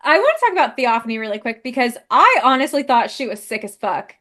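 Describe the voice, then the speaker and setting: A young woman with a notably high voice co-hosts a podcast in loose, casual chat. She laughs a lot and swears without a second thought. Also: sing-song, fast talker, pushed and bright. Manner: swears freely and laughs often. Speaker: podcast co-host.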